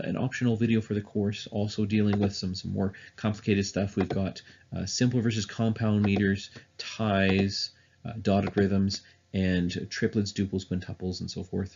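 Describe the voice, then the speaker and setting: A man teaches music theory in a recorded online lesson, walking through each point step by step with plenty of "uh" and "um." His voice sits a little low and has a husky edge. The recording sounds dull and lo-fi. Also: darkish tone. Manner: explains step by step with many fillers.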